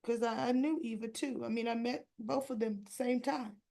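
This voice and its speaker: A woman's voice: a little high, fairly even intonation, brisk, dark tone. A woman recapping a soap opera episode in a chatty, casual way, quoting the characters' lines as she tells the story.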